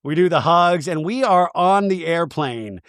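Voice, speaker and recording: A man hosts a comedy recap podcast, telling the story in an animated, joking way. His voice sits a little high and swings widely in pitch, with a close, dry sound. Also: no echo. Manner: jokey, animated retelling with quick mock voices. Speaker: podcast host.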